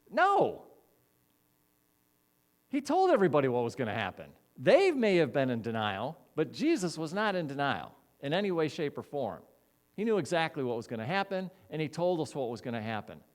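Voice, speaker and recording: A man preaching a sermon as a minister, animated, acting out quoted voices and repeating key words. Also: a little high, fast.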